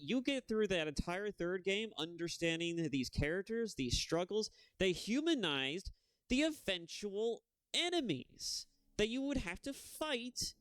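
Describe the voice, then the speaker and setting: A man's voice: high-pitched, a bit bright, clear, resonant tone, no echo. A young man ranting profanely and rambling in a casual chat while streaming a game. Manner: profane, heated, rambling rant. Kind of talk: casual gaming-stream rant.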